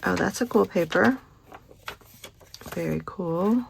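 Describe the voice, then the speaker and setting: A woman, hosting a casual craft unboxing vlog, gushing over each item with soft asides. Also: fairly low pitch, takes it slowly, gravelly, slight background noise. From Kentucky. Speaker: craft channel host.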